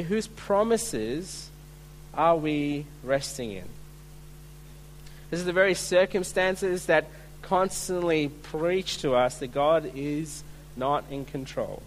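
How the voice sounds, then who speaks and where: A male pastor preaching a sermon at a church service, earnest and emphatic, slowing to stress key words. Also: high voice, a little hiss or hum.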